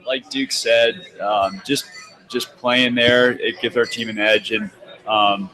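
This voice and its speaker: A man's voice: medium pitch, fairly even intonation, slow, bright, forceful tone, low-quality recording. A young man, a soccer player guest, talking hesitantly with many fillers. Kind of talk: casual interview.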